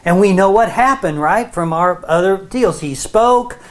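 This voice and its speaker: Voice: medium pitch, lively intonation, unhurried, slight background noise. A Bible teacher giving a sermon, often checking in with listeners and restarting phrases as they explain. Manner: frequent check-ins with listeners.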